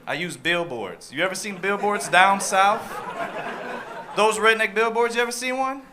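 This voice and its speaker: A man's voice: sits high, normal speed, background noise. A man in his thirties performing a stand-up comedy set on a club stage, punchy, switching into voices for the people he quotes. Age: 30s.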